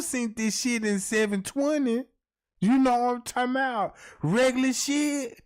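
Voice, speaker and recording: A man hosts a comedic livestream rant, swearing freely and talking straight to his chat. His pitch swings up and down with lively energy. He keeps asking the chat if they follow him. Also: a little slow. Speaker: livestream host.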